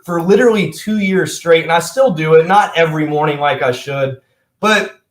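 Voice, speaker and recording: A young man giving an energetic, emphatic motivational talk as a coach, speaking straight to his viewers. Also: high-pitched, roomy sound.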